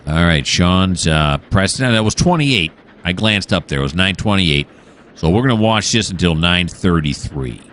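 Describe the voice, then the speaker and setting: Low, lively rambling game commentator man. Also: moderate pace, a little hiss or hum. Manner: rambling, easily distracted, musing aloud with many fillers. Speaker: gaming channel host. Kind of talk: casual let's-play commentary.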